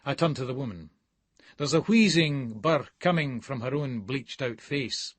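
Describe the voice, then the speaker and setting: A man's voice: medium pitch, normal speed, fairly bright tone, breathy edge, no echo. A man with a Scottish accent reading a gritty first-person novel in a sardonic storytelling manner. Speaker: audiobook narrator.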